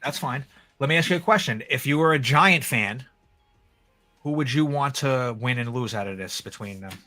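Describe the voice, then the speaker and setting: A man co-hosting a sports podcast, chatting casually and excitably about football with slang like "yo" and "bro". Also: medium pitch, normal speed, soft background music.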